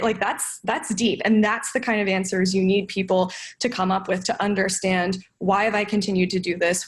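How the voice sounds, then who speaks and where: Young woman podcast guest, earnest and reflective, mid-pitched voice. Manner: thoughtful, earnest, many fillers and restarts. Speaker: podcast guest, sales development manager. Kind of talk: casual podcast conversation.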